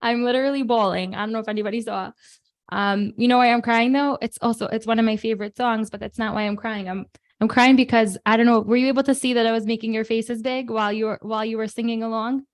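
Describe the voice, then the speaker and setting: A woman's voice: fairly high pitch, fairly even intonation, quick pace. A woman hosting an online prayer gathering for children, talking casually and chattily with many fillers. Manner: chatty, rambling with fillers and restarts. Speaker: host of a kids' online prayer session. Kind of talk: casual, emotional live talk to children.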